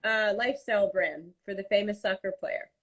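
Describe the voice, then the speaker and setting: A woman's voice: mid-range voice, a little fast, fairly bright tone. A woman guest on a live stream, giving direct, matter-of-fact business advice in casual chat. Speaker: guest, fashion business owner.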